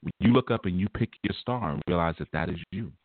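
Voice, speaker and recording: A man voicing a soft-spoken, flattering spiritual guru who talks slowly and dreamily. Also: low-pitched, no echo, pitched below the performer's own voice. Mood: gushing. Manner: hushed, dreamy, slow and gushing. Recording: dry, tinny phone line.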